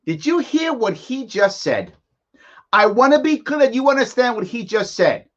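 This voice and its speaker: A man hosts a live commentary show, reacting to a press conference with mocking sarcasm. His pitch swings widely as he talks. The audio sounds dull and lo-fi. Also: very animated, moderate pace. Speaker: host.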